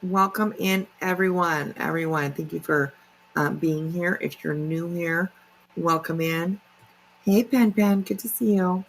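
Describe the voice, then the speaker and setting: A woman's voice: fairly low pitch, unhurried, vocal fry, slight background noise, poor audio. A woman hosting a casual livestream, chatty and filler-heavy, greeting viewers by name. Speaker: livestream commentary host.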